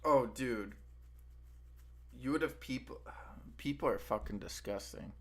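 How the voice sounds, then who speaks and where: A man's voice: medium pitch, a little slow, breathy edge. A young man co-hosting a stream, chatting casually in a laid-back, slangy way with lots of filler words. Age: young adult. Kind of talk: casual chat.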